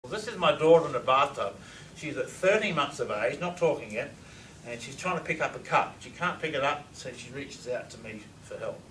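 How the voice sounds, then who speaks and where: This enthusiastic middle-aged lecturer on reverse speech plays recorded examples and throws questions at his listeners. He speaks a little fast in an expressive, mid-range, fairly bright voice, recorded at a distance in an echoey room with faint hiss.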